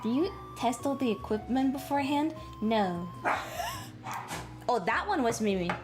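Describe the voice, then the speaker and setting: High lively woman streamer with sore throat. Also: unhurried, music in the background. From Latin America. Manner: animated, swears freely, talks straight to chat. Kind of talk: casual livestream chat. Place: her apartment. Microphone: travel microphone.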